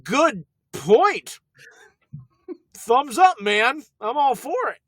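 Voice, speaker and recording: A man's voice: extremely high pitch, sing-song, extremely slow, fairly bright tone, dry recording. A man co-hosting a podcast in casual chat, tossing in joking, self-mocking banter. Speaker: podcast co-host.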